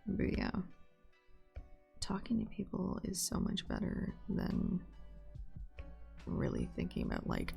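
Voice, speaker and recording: Gravelly-voiced young woman streamer, sarcastic. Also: lowish voice, huge pitch swings, moderate pace, long pauses, a little mellow, faint music behind. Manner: sarcastic, swears freely, slangy asides. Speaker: live streamer. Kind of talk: casual chat while drawing on stream.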